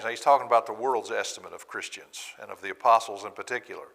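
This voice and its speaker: Bright-voiced man preaching in an echoey church. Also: lowish voice, quick pace, vocal fry, hardly any pauses. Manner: animated, acts out sarcastic quotes. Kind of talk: bible class sermon.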